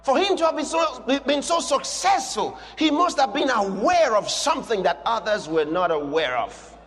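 A man preaching a sermon, reading scripture and swinging between hushed asides and shouted declarations, with chuckles between points. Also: extremely high pitch, sing-song, moderate pace. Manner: reads scripture aloud to a congregation. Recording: long hall reverb.

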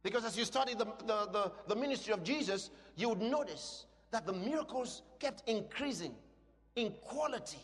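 A man preaching a sermon with passion, swinging between loud shouts and quieter asides. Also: high-pitched, expressive, normal speed, husky. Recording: long hall reverb.

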